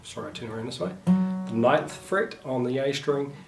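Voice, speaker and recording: A man giving a relaxed guitar lesson, talking through finger positions with a few fillers. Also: medium pitch, normal speed, vocal fry. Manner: relaxed, thinks aloud with fillers. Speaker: guitar teacher. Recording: roomy with guitar playing. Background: guitar playing.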